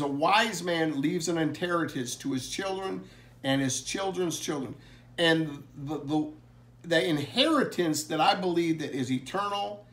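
A man preaching a family blessing sermon, earnestly reading scripture slowly and with emphasis. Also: a little high, fairly bright tone.

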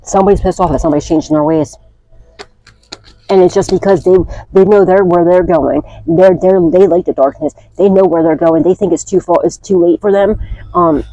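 A woman's voice: lowish voice, steady tone, a little fast, mellow, no room sound, muffled recording. A woman doing a casual spiritual tarot reading, chatty and blunt, swearing freely and often asking "okay?". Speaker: tarot reader.

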